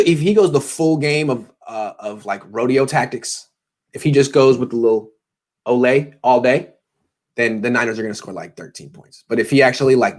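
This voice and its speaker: A tired man hosting a pregame sports show, talking casually with jokes and self-deprecating tangents. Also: mid-range voice. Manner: joking, self-deprecating, meandering.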